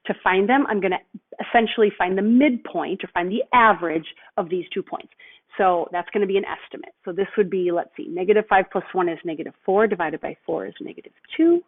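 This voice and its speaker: A woman teacher explaining a math lesson patiently, step by step, slowing down on key terms. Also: mid-range voice, animated. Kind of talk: recorded video lesson. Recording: tinny phone-like audio.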